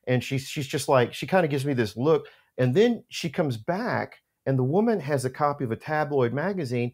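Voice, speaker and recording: A middle-aged man telling an anecdote in casual conversation, animated and full of restarts. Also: mid-range voice, a little fast, hardly any pauses, slightly rough. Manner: animated storyteller, many restarts. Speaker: podcast co-host telling a story.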